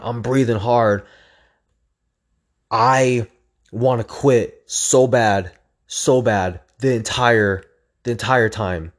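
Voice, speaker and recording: A young man telling a story in a casual, intense way, swearing often, repeating phrases and acting out his own inner voice. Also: fairly low pitch. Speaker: storyteller recounting a hard run.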